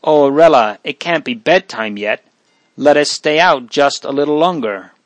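A man reading aloud, voicing an eager little boy in a storybook with a raised, childlike pitch. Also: animated, normal speed, dry recording, lightly acted. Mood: pleading. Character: small cheerful little boy, pleading to play.

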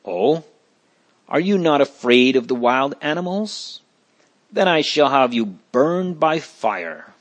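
A man's voice: mid-range voice, big pitch swings, slow, hardly any pauses. A man voicing a stern, scornful governor who threatens a prisoner in a read-aloud story. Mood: stern, threatening.

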